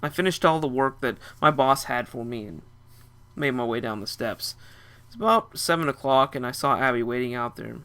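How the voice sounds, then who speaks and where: Bright-voiced young man telling a story. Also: medium pitch, normal speed, smooth. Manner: casual, chatty storytelling. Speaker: narrator. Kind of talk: first-person story narration.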